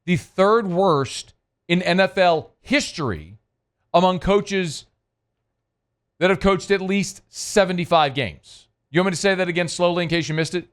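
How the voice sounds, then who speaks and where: A man's voice: high-pitched, unhurried, clean tone. A man hosting sports talk, mocking and incredulous, firing off rhetorical questions. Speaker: sports radio host. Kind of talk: sarcastic sports talk commentary.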